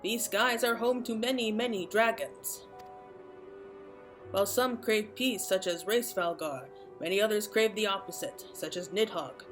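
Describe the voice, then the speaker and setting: A woman's voice: mid-range voice, a little slow, soft background music, close to an everyday voice. A woman voicing a big, pompous male Moogle chieftain in a game, reading his lines in a stately, old-fashioned way. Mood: grave. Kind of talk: reading game dialogue aloud.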